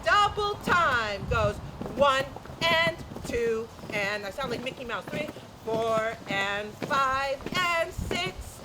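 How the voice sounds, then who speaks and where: A woman leads a flamenco class, calling out steps and counting beats, some in Spanish. Her voice sits high and she speaks slowly and deliberately. The community TV recording carries clear background noise. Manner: energetic, counts beats aloud, mixes in Spanish counts. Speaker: flamenco dance instructor. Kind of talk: dance class instruction with counting. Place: dance class, community TV broadcast.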